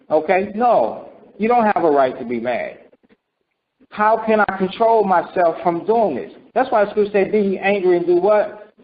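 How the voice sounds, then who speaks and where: A man's voice: high voice, expressive, moderate pace. A man giving a conversational Bible teaching, asking rhetorical questions and acting out what people say. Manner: rhetorical questions, acts out voices. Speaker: preacher. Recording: dull lo-fi recording.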